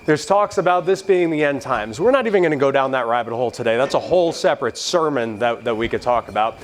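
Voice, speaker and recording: A man in his thirties giving a convention keynote, provocative and joking, with a preacher-like delivery. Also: on the high side. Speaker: keynote speaker. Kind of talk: convention speech. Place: convention stage.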